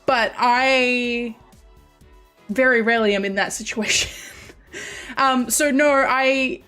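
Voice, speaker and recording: A woman's voice: fairly high pitch, steady tone, slow, sharp tone, soft background music. A woman streamer with a light Australian accent, chatting casually to her viewers in a rambling way, often restarting and correcting herself.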